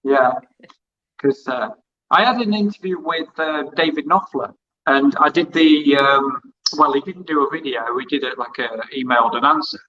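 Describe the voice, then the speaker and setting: A man telling rambling anecdotes in a casual interview, slipping into other people's voices as he quotes them. His voice sits fairly high and sounds bright and forceful. The audio is dull and lo-fi. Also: moderate pace. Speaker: music interviewer and former hospital radio presenter.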